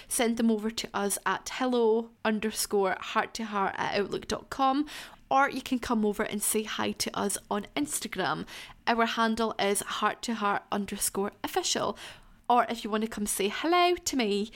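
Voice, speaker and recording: A young adult woman, hosting a solo Q&A podcast and talking in a candid, chatty, heartfelt way with the odd swear word. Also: medium pitch. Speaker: podcast host. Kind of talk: casual solo Q&A podcast chat.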